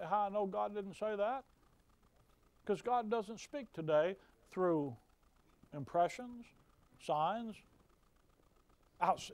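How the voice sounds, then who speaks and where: A man's voice: high-pitched, a little mellow. A man preaching a fiery sermon, folksy and emphatic, with mocking asides.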